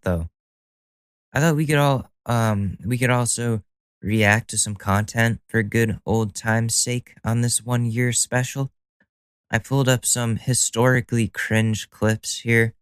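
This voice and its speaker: A man's voice: mid-range voice, steady tone, unhurried, clear, resonant tone, no room sound. A man hosting a solo podcast in a casual monologue. He is profane and sardonic and laughs at his own jokes. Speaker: podcast host.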